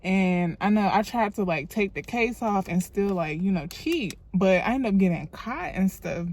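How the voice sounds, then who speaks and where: A woman's voice: medium pitch, expressive, moderate pace, darkish tone. A young woman, telling a storytime in a loose, chatty, profane way into a phone camera while doing her makeup. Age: young adult. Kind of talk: casual storytime vlog.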